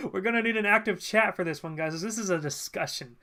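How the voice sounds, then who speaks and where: Casual streamer at a desk mic, mid-pitched and chatty, loose delivery with frequent ums and quick laughs. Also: animated, pushed and bright. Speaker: live streamer. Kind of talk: casual live-stream chat. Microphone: desk mic at a computer.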